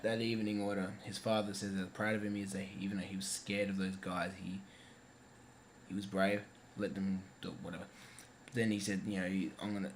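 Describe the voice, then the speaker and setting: A man's voice: on the high side, a bit bright. A man giving a casual, rambling movie review. He swears a lot and keeps breaking off to correct himself. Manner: rambling, profane, self-interrupting.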